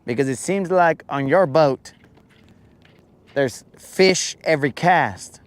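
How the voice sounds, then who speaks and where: A man's voice: on the high side, slow. A man hosting a fishing show, joking around casually on a boat and calling people bro and dog. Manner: slangy, joking, keeps saying bro and dog.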